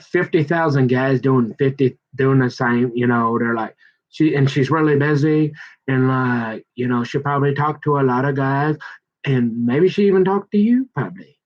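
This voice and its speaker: A man of middle pitch talks in a rambling, halting monologue, often slipping into a raised voice to act out bits of dialogue. The recording is dull and lo-fi, with the top end muffled. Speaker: vlogger.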